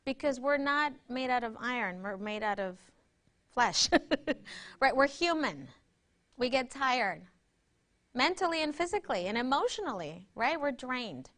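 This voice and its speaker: Speaking a little slowly in a high-pitched, sing-song, slightly bright voice, a woman presents a workshop. She leads a breathing exercise and teaches in a conversational manner, regularly checking in with listeners via "right?".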